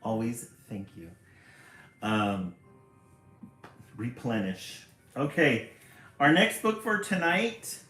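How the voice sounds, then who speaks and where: A man reading a picture book aloud on a live stream, chatting with viewers between pages. His pitch is animated and his pace unhurried. The room sounds echoey, with faint music beneath. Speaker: livestream storybook reader.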